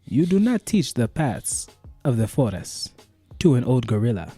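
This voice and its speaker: A man putting on a slow, solemn proverb reciter. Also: medium pitch, very animated, mellow, breathy edge, soft background music. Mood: mock solemn. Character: man reciting proverbs in a put-on exaggerated accent.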